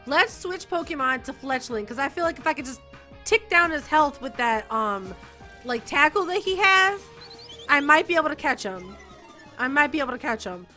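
High, bright, giggly young woman gamer. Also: animated, normal speed, faint music behind. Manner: giggly, squealing, swings from loud outbursts to mumbling. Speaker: gaming YouTuber. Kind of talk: excited let's-play commentary.

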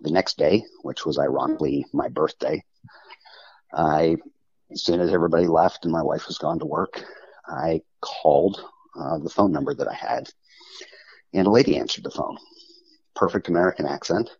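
A man with an extremely low, gravelly and husky voice tells a personal story, earnest and halting, often restarting his sentences. The call audio is dull and lo-fi. The sound is dry and close. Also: a little mellow, dry recording. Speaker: guest caller. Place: home phone call.

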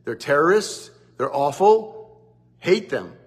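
A man's voice: a little high, sing-song, slow pace, slightly rough, long reverb tail, heavily acted. A man putting on Satan as a scheming tempter in an easy, coaxing tone. He sounds dismissive and scornful. It stays close to the man's ordinary voice.

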